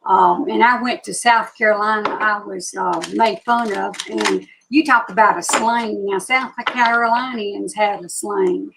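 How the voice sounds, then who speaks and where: Chatty southern lady in her 60s, alabama drawl, slow and gravelly, bit of hiss and clicks behind. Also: mid-range voice, fairly even intonation. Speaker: psychic reader hosting a live stream. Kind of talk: casual live-stream chat with viewers.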